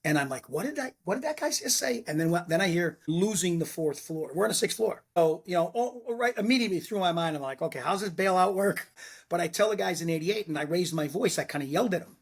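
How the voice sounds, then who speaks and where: A middle-aged man tells blunt stories from the fire service and acts out the quotes with animation. His voice sits a little high and sounds husky. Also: quick pace. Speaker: retired fire lieutenant, podcast guest. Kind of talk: casual storytelling chat.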